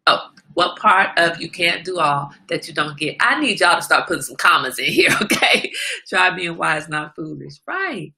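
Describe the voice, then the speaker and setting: Middle-aged female host, candid and preachy monologue, bright tone with some fry. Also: lowish voice, normal speed. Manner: candid, preachy, animated self-talk. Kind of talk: casual motivational monologue.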